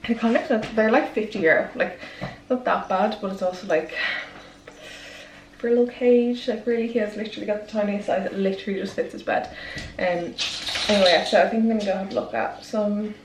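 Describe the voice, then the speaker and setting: A woman's voice: medium pitch, steady tone, a little fast, echoey room, recorded from a distance. A young Irish woman vlogging in a casual, rambling way, with lots of "like" and "literally". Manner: chatty, rambling, fills talk with "like" and "literally". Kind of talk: casual chat to camera. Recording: noisy background ambience.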